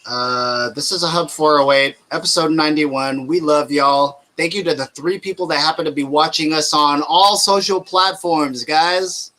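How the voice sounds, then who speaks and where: A man's voice: on the high side, moderate pace, hardly any pauses, pushed and bright. A man, hosting a casual podcast chat, rambling loosely and swearing freely. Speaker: podcast host.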